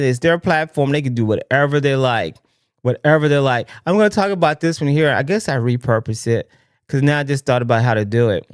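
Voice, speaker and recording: A man hosting a casual live political commentary stream, talking in an excitable, rambling way with lots of restarts. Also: on the high side, no echo, clean studio sound. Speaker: livestream political commentary host.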